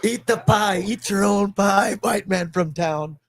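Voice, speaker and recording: Man doing a sinister old curse-giver from a horror movie: deep, hushed, slow and threatening. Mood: menacing. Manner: low, quiet and drawn-out.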